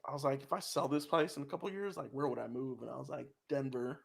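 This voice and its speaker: A young adult man co-hosting a podcast in animated casual chat, laughing often and slipping into joking voices. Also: medium pitch, racing, gravelly, husky. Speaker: podcast co-host.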